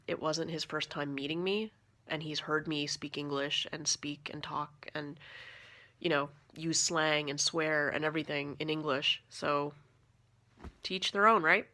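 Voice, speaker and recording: A Canadian woman in her thirties, telling a story to camera in a chatty, animated way full of fillers. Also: low voice. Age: 30s. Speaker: vlogger.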